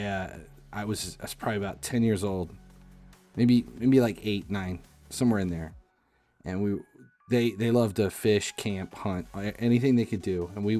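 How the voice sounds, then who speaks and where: A man in his forties tells a long personal story as he streams, rambling, doubling back and restarting his sentences. His voice sits slightly low. Soft music plays faintly behind him. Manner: rambling, many restarts and fillers. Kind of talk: casual storytelling.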